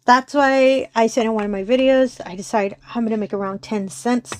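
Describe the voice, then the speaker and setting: A woman with a slightly high voice chats casually to her channel's viewers from home. She talks in a bubbly, rambling way, giggling and apologizing often. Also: moderate pace, a little mellow. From Texas. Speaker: crafting channel host.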